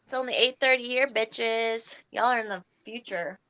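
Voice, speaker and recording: A woman's voice: a little high, normal speed, pushed and bright, highs cut off, a little hiss or hum. A woman hosting a live stream, chatting casually in a blunt, teasing way. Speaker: stream host. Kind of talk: casual chat.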